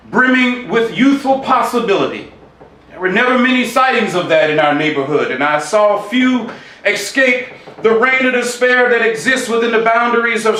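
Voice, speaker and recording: Male poet, high bright voice, rhythmic spoken-word reading, echoing off-mic. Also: lively intonation, moderate pace, slight background noise. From Shreveport, Louisiana, USA. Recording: roomy, voice from a distance.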